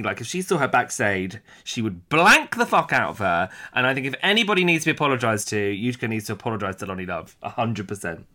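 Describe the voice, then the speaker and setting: A man in casual chat as a podcast co-host, animated and indignant, swearing freely. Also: fairly low pitch.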